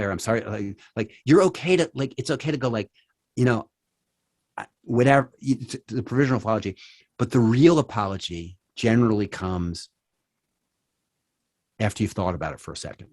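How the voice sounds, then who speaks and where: Low-voiced man giving an animated church talk. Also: brisk, long pauses, dry recording, clean studio sound. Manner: animated, acts out quoted apologies with many restarts. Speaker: speaker.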